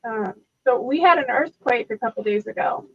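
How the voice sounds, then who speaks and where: Gravelly woman on a tinny line. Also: a little high, animated, normal speed. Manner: rambling, thoughtful. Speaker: guest reader. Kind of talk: casual live-stream chat. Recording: tinny dry phone-like line.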